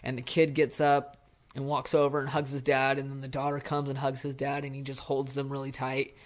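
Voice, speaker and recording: A man's voice: medium pitch, monotone, a little fast. A young man co-hosting a casual podcast, animatedly retelling a film scene and acting out its lines. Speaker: podcast co-host. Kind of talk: casual chat.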